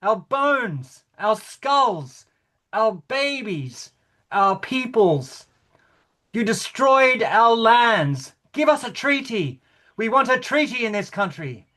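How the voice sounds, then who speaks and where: A man voicing a defiant woman protester in a rehearsal reading over a video call, chanting and shouting repeated slogans. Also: very high-pitched, sing-song, takes it slowly, full character voice. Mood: accusing.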